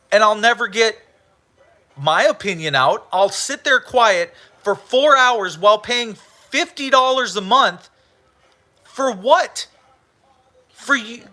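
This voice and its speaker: A man's voice: high-pitched, sharp tone. A man hosting a livestream, ranting heatedly with profanity and lots of repetition. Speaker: livestream host.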